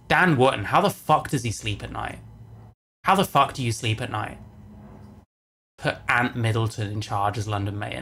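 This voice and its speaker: A man's voice: mid-range voice, moderate pace, creaky, pauses often, bright, forceful tone. A man ranting on a livestream while reacting to videos, heavy with swearing, exasperated, and repeating phrases for emphasis. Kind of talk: angry casual livestream rant.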